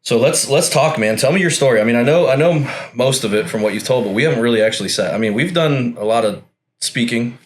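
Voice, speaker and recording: A man's voice: medium pitch, fast talker. A man hosting a podcast, chatting in a friendly, laid-back way and calling his guest "man" often. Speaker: podcast host. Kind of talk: casual podcast chat.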